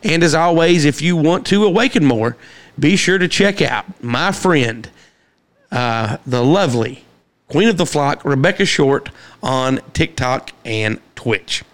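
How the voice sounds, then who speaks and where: A man hosting a casual podcast, chatting loosely and reading shout-outs with frequent fillers and restarts. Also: on the high side, expressive, a little slow. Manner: rambling with many fillers and restarts. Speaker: podcast host.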